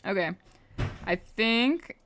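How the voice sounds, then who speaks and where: A woman's voice: mid-range voice, lively intonation, slow, a bit bright, a little hiss or hum. A young woman livestreaming her animation work, chatting casually, rambling and muttering to herself as she draws. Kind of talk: casual chat while drawing on stream.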